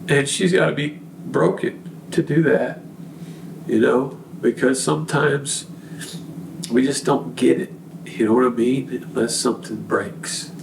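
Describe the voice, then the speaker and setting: A man's voice: mid-range voice, a little slow, creaky, echoey room, recorded from a distance, a little hiss or hum, low-quality recording. A man, a podcast guest, giving an earnest, preachy faith testimony full of fillers and restarts. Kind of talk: casual testimony.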